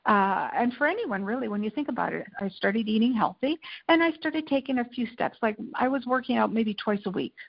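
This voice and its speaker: Animated woman telling her story. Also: a little high, a little fast, gravelly, hardly any pauses, dull audio. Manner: animated, tells anecdotes with acted-out quotes. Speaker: interview guest, lifestyle and food editor. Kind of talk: candid conversational storytelling.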